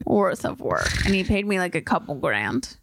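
Giggly young woman, very lively pitch. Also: measured pace, vocal fry, background noise. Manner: giggly, rambling, full of "like". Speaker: podcast co-host. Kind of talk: casual chat.

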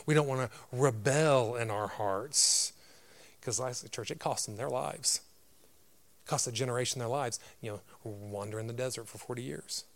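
A man preaching a sermon as a pastor, with a loud, grumbly voice and a direct, emphatic manner full of rhetorical questions. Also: medium pitch, normal speed.

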